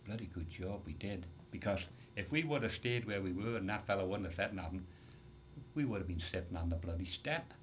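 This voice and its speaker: A man's voice: deep voice, expressive, a little fast. An older man recalls voyages at sea in an oral history interview. He rambles and restarts, tossing in "you see" asides. Faint background noise sits under the voice. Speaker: retired sailor telling of voyages.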